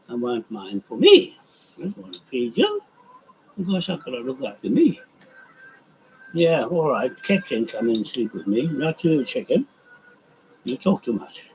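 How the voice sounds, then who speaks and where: A man's voice: mid-range voice, a little mellow, muffled recording, slight background noise. A man in a rambling monologue, drifting off topic and talking heatedly to his animals.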